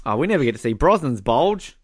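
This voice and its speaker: A man co-hosting a podcast, teasing and chatting quickly over a film commentary. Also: mid-range voice, very animated, no echo. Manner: fast, teasing. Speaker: podcast co-host. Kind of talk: casual movie commentary chat.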